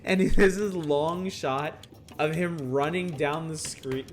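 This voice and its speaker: A man's voice: on the high side, unhurried. A man chatting casually with his viewers while he streams a video game. He rambles, greets chat by name and laughs often. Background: game music.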